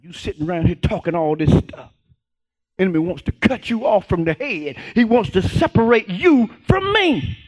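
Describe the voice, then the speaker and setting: A male pastor preaching a sermon, calling and responding with the congregation and rising to shouts. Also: sits high, big pitch swings, normal speed.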